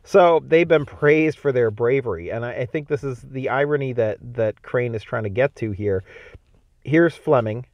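A man teaching a homeschool literature lecture, reading a novel aloud and thinking out loud about it in a conversational way. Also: medium pitch, moderate pace, dry recording.

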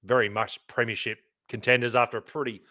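A man's voice: medium pitch, level tone, brisk, pushed and bright, no echo, clean studio sound. A man co-hosting a sports podcast, talking in a laid-back, mumbly way and swearing casually. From Australia. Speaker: podcast co-host.

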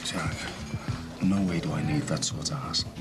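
An actor playing a gruff, wary tough man from who refuses trouble in a TV soap. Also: extremely low pitch, steady tone, moderate pace, music in the background. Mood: refusing. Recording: loud TV score behind the speech.

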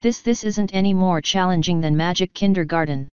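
A woman's voice: on the low side, brisk, darkish tone, smooth, dry recording, close to an everyday voice. A woman voicing an eager, studious young female unicorn who asks questions, in a storybook reading. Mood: curious. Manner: inquisitive. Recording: dull lo-fi dry recording.

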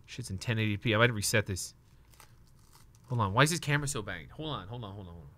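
A young man live streams himself opening trading card packs, excited and nervous, talking to his chat and swearing now and then. He has a lowish voice and talks fast.

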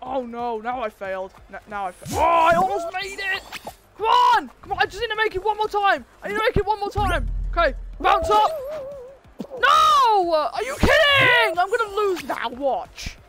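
A woman voicing a hot-tempered cartoon animal who yells and rages at losing, in a fan role-play over gameplay. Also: extremely high pitch, very animated, over loud music. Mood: frantic. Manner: yelling, quick to rage at losing.

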